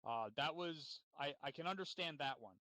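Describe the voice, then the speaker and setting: A man's voice: a little high, lively intonation, moderate pace, bright, forceful tone, no room sound. A man leading a game unit's after-action debrief, blunt and profane as he scolds. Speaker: unit leader.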